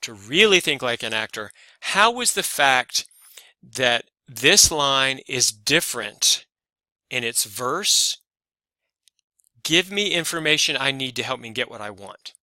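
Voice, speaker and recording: A man talks through a lesson on verse for actors, loose and unscripted, stopping and restarting his sentences as he works it out. His voice is very bright and forward, and the sound is dry and close. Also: mid-range voice, animated, slow, no echo. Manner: casual, thinking aloud with fillers and restarts. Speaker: acting teacher. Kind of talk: explainer video lesson.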